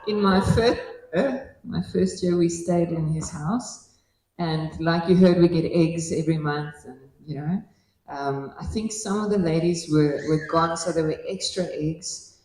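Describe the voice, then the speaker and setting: A woman's voice: lowish voice, unhurried. A woman telling funny confessions at a retreat in a casual storytelling way, chuckling often. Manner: chuckling often, soft-spoken asides. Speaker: retreat participant confessing to a pastor. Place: hall at a church retreat. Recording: echoey room, mic at a distance.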